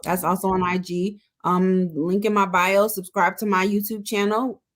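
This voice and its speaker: A woman author appears as a podcast guest, relaxed and casually plugging her social media, her book and her own show. Her mid-range voice runs at normal speed, peppered with frequent fillers.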